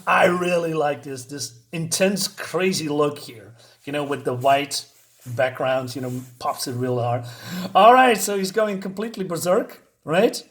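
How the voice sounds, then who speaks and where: A man's voice: fairly high pitch, measured pace. A man casually reviewing a comic book in a rambling way, with lots of filler words.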